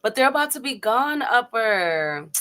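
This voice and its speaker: A woman's voice: a little high, very animated, measured pace, crowd noise. A woman hosting a casual boxing live stream, chatty, laughing easily and greeting viewers by name. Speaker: host.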